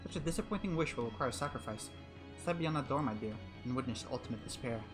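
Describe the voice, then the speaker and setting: A man's voice: medium pitch, lively intonation, quick pace, over music, close to an everyday voice. A man voicing a cold, mocking witch who grants wishes at a price, in a visual novel read aloud.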